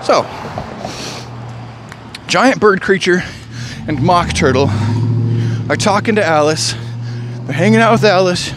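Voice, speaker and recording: A man's voice: high-pitched, slow, pauses often, noisy background. A man talking alone to camera in a rambling, reflective monologue, sighing often as he drifts between stories and feelings. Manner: musing, digressive, sighs often. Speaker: vlogger.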